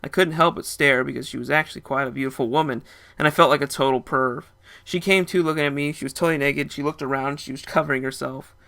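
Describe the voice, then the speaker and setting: A man's voice: mid-range voice, fairly even intonation, fast talker, creaky, sharp tone. A young man narrating a first-person story in a casual, rambling way.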